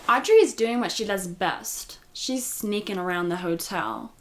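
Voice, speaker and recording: A woman's voice: mid-range voice, animated, unhurried, a little hiss or hum. Chatty woman recapping a TV show. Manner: chatty, full of "like" and "you know". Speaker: recap host. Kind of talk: casual TV recap commentary.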